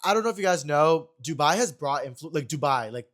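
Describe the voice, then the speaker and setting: Young male podcast host, slightly high voice, fast and chatty, animated storyteller. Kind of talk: casual chat.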